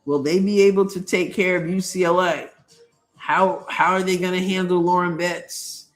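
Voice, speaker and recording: Woman host live-reacting to a game, chatty and fired up, reads the chat out loud. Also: on the low side, normal speed, faint music behind. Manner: animated, indignant commentary while reading chat. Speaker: show host.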